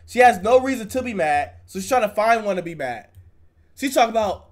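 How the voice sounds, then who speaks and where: A man's voice: high voice, lively intonation, brisk. A man streaming live, reacting to a video with heated, profane commentary.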